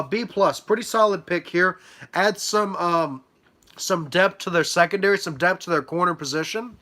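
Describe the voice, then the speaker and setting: A young man talks casually on a live stream, his nose stuffy from allergies. His voice sits high and sounds bright and forward. He fills the gaps with ums and uhs while handing out letter grades. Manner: chatty, many fillers, hands out letter grades. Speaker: livestream host reacting to a sports draft.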